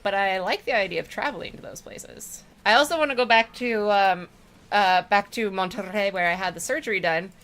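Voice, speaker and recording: A woman's voice: medium pitch, fairly quick, fairly bright tone. A woman streamer chatting casually with her viewers while she plays a game, rambling and affectionate. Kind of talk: casual chat while gaming.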